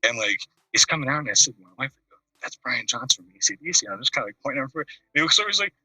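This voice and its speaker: Calling in to a video chat show, a man tells a rambling, casual story and performs the voices of its characters. His medium-pitched voice races along, bright and forceful with a breathy edge; the video-call mic is distant, with no echo.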